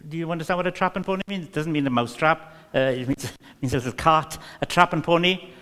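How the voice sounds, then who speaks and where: A man's voice: a little high, fast, pushed and bright, big-room sound. A man with a Welsh accent preaching a sermon, emphatic and repetitive with many fillers.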